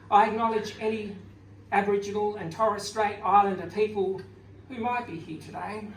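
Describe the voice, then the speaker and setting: An Australian-raised man, an author, giving a wry, gently humorous speech full of anecdotes at a book launch. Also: high-pitched. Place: event venue, indoors. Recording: echoey room from far off, faint noise.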